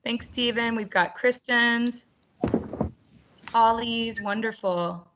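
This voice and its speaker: A woman's voice: fairly high pitch, slow pace, background noise. A woman hosting an online roundtable for teachers over a video call, upbeat and chatty with frequent laughter. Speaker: webinar host.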